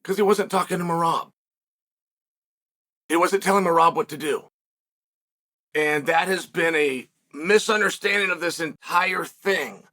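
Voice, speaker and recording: Emphatic high-voiced male commentator. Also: unhurried, long pauses, bright, forceful tone. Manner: emphatic, repeats words and asks rhetorical questions. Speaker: host and former fighter. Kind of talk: commentary monologue to viewers.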